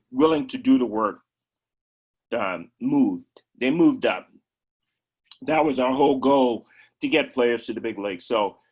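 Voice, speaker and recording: An older man, a former ballplayer and coach, speaking in a conversational interview, rambling and repeating words, now and then clearing his throat. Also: mid-range voice, a bit bright, low-quality recording. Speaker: former major league player and coach.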